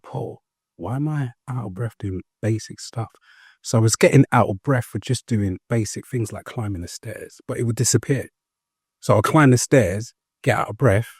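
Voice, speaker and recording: A young man with a deep, slightly husky voice tells his story as an interview guest. He speaks earnestly, step by step, padding his sentences with ums and starting over. The sound is close and dry. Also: a little mellow, no room sound. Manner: hesitant, full of ums and restarts. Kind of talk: personal story in a conversational interview.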